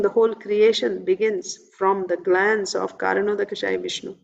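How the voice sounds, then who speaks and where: A woman reading a devotional text aloud and pausing to explain it in her own words, with earnest emphasis. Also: fairly high pitch, long reverb tail, highs cut off. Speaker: scripture reader and teacher. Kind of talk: reading scripture aloud with commentary.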